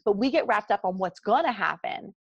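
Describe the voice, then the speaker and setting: A woman's voice: medium pitch, fairly quick, creaky, slightly rough, no echo, muffled recording. A woman in her forties with a South Jersey accent, a meditation guide talking earnestly in a podcast interview. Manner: earnest and animated, talks through examples.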